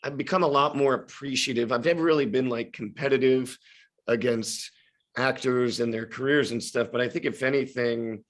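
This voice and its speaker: A man's voice: medium pitch, steady tone, normal speed. A man in his thirties, a guest actor on a casual podcast, talking reflectively with many restarts and hedges.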